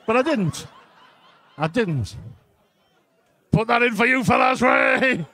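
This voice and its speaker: A man's voice: extremely high pitch, moderate pace, sharp tone. A man with a Geordie accent doing a live stand-up set in a comedy club, telling a crude story with constant "right?" asides to the crowd.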